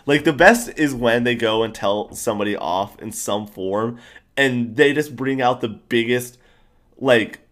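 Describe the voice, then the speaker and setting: A young man chatting casually about a TV show, enthusiastic and rambling, with animated outbursts. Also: medium pitch, measured pace.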